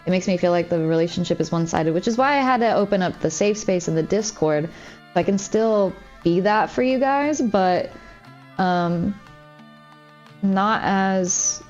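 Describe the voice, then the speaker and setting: This mid-range, slightly mellow voice keeps a measured pace; the highs are cut off and faint music lingers in the background. A woman streams a game from home, chatting confidingly and rambling with lots of "like."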